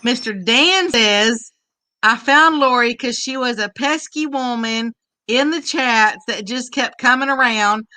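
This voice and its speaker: A woman's voice: on the high side, measured pace, sharp tone, poor audio. A woman reading viewer comments aloud during a live stream, in a friendly casual way.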